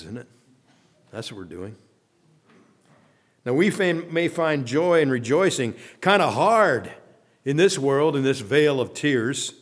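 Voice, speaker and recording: A man preaching a sermon as pastor. He speaks earnestly, reads long scripture passages aloud, and lets his voice drop soft and low at the ends of phrases.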